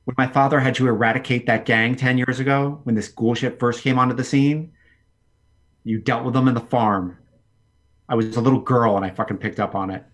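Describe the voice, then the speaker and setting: A man's voice: mid-range voice, steady tone, fairly quick, natural voice. A man doing a cold, ruthless noblewoman. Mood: scornful. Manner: cold, contemptuous, profane. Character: ruthless scheming young noblewoman.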